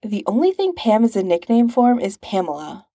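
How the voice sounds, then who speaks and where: A woman's voice: a little high, very animated, moderate pace, mellow, no room sound. A woman reading a smug young female scientist who mutters dry remarks.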